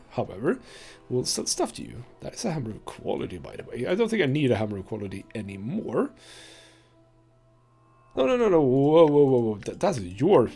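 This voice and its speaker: Male let's play host, husky and animated, casual rambling commentary. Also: on the high side. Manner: chatty, rambling with fillers. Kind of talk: casual game commentary, reading dialogue aloud.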